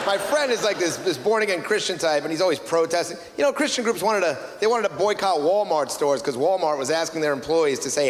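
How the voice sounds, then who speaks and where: Delivering his stand-up routine in a slightly high voice, the comedian speaks fast with few pauses, spinning stories full of wry exasperation. It's recorded in an echoey club or hall with plenty of background noise.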